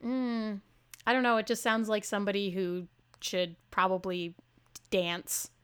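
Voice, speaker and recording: A woman's voice: medium pitch, flat delivery, clear, resonant tone. A woman co-hosting a tabletop game podcast, chatting casually and playfully, laughing often and teasing her co-host. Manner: playful, giggly, quick to tease. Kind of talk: casual chat about past games.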